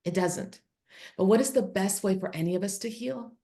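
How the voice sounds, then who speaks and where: A woman's voice: medium pitch, normal speed, mellow. A middle-aged woman, a podcast guest, telling a personal story earnestly and emotionally, acting out what she and her son said. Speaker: podcast guest, author and speaker. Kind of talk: candid interview storytelling.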